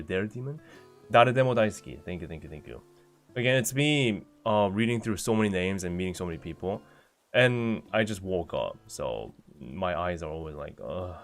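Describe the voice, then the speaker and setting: Low-voiced man chatting on stream. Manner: chatty, answers viewer messages one by one. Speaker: streamer reading chat. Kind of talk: casual livestream chat.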